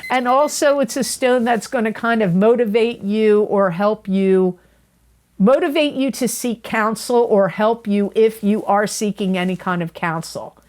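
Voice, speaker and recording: A woman with a medium-pitched, slightly mellow voice speaks unhurriedly while reading tarot for viewers. It's a monthly astrology forecast to camera, delivered in a chatty, earnest way with frequent repetition and self-correction.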